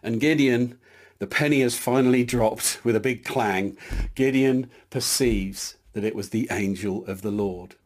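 A man preaching a sermon in an earnest, emphatic way, reading scripture aloud with some small hesitations. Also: unhurried. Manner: earnest, emphatic, builds in lifts of pitch.

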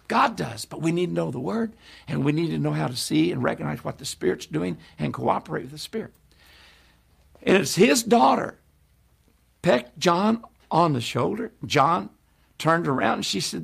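A man preaching a sermon, telling a story with animated delivery and acting out the voices of people in it. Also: high voice, moderate pace, vocal fry, husky.

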